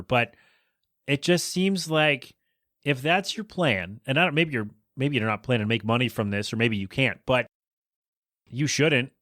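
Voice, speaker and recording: A man's voice: medium pitch, a bit bright, no echo. Rambling man hosting a podcast, dry sound. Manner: rambling, restarts often, frank opinions. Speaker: podcast host. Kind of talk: casual solo podcast chat.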